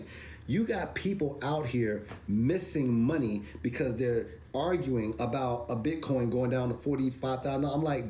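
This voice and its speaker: A man's voice: medium pitch, expressive, moderate pace, dark tone, slight background noise. A man hosting a livestream, talking viewers through crypto charts in an emphatic, repetitive way that climbs to incredulous exclamations. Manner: emphatic, repeats himself, rising to incredulous exclamations. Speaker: crypto commentator.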